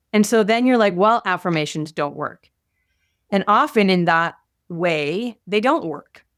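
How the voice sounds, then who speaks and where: Brief: middle-aged woman podcast co-host, playful and self-deprecating, mid-pitched voice, close dry mic. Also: lively intonation, measured pace, dry recording. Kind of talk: casual chat.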